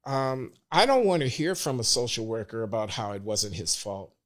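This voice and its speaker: An older man as a podcast guest, speaking earnestly and in measured terms. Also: mid-range voice, sing-song, a bit bright. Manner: earnest, measured, grows emotional. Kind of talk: casual podcast interview.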